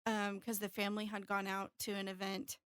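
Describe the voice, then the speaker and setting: A woman's voice: medium pitch, completely flat delivery, brisk, fairly bright tone, smooth. A woman in her thirties telling a personal story candidly in casual chat, with plenty of fillers. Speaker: podcast co-host.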